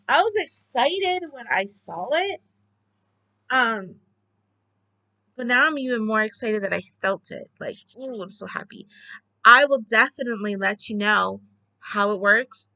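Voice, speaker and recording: A woman chatting casually at home about her newest craft supplies, gushing excitedly and rambling with restarts. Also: medium pitch, no echo, low-quality recording. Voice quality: bubbly, chatty. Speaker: craft vlogger. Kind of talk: casual chat.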